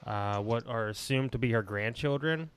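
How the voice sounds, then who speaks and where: A man co-hosting a podcast, telling a story in casual chat at a measured pace with hesitant fillers. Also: medium pitch, clean tone. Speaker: podcast co-host.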